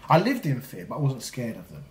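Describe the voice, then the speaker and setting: A man's voice: medium pitch, very animated, fairly quick, a little mellow. A man, telling a story in a casual podcast chat and acting out the voices in his quotes. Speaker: podcast co-host. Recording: echoey room.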